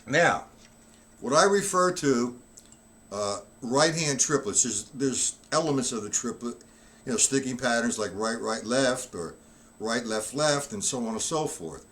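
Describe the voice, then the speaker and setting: A man's voice: medium pitch, expressive, a little slow, a bit bright. A man giving a live-streamed drum lesson who is not feeling well, coughing now and then and counting the beats aloud as he demonstrates. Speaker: drum teacher.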